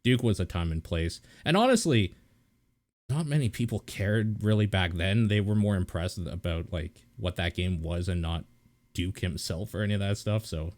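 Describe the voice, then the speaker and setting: A man with a fairly low voice hosts a casual video game podcast. He reads listener questions aloud and laughs often as he chats. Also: normal speed, darkish tone. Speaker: podcast host. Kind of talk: casual chat.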